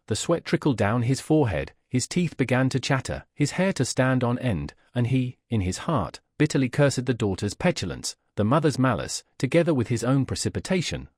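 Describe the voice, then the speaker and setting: A man narrating a classic novel as an audiobook, in a measured, expressive storytelling manner. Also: medium pitch, breathy edge, dry recording, clean studio sound.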